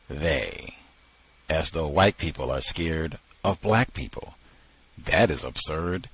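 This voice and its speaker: A man's voice: rumbling low, fairly bright tone, slightly rough, no room sound. A man hosting a book discussion, talking emphatically and repeating phrases for effect. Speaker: host.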